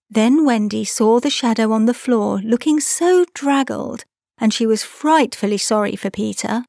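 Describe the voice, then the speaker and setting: A woman narrating a classic children's storybook as an audiobook reader, measured and expressive. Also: fairly high pitch, vocal fry, no room sound, studio quality.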